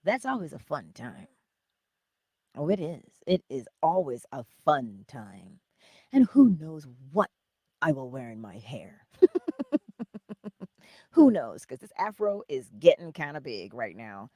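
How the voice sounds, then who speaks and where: A woman's voice: low voice, very animated, slow pace, pauses often, mellow, breathy edge, no room sound, studio quality. A woman hosting a livestream, chatting casually and playfully, laughing often and greeting viewers by name, with a valley-girl way of talking. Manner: says she talks like a valley girl. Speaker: livestream host.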